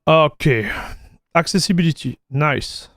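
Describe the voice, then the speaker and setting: A man with a French accent chats casually on a live tech stream, taking his time and often trailing into fillers. His voice sits a bit high for a man. The sound is close and dry, with no room echo. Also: animated, unhurried, fairly bright tone. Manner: loose and chatty, with many fillers and repeated words. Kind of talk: casual livestream chat while installing software.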